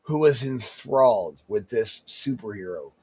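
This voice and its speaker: A man with an average-pitched voice tells a story in an easygoing, profane way. He drops into quoted lines now and then, keeping a relaxed co-host tone. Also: a little slow, breathy edge. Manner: laid-back, profane, acts out quotes. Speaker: podcast co-host. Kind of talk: casual storytelling chat.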